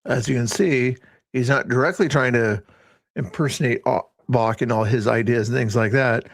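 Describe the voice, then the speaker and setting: A man's voice: medium pitch, normal speed, gravelly, dry recording. A man hosting a casual livestream, rambling and often breaking off mid-sentence. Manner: rambling, self-interrupting. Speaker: livestream host.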